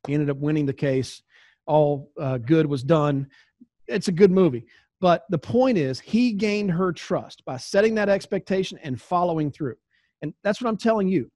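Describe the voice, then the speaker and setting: A man's voice: fairly high pitch, a little mellow, dry recording. A Southern man in his forties, an insurance sales trainer, teaching in a conversational way and acting out talks with clients. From American South. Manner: conversational, acts out client dialogues.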